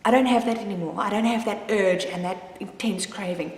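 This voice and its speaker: A woman's voice: mid-range voice, brisk. Open, rambly woman talking about her own life as a mom, lots of restarts, echoey room. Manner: candid, rambling, with frequent restarts. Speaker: mother sharing her story. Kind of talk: personal confessional vlog. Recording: roomy with long reverb.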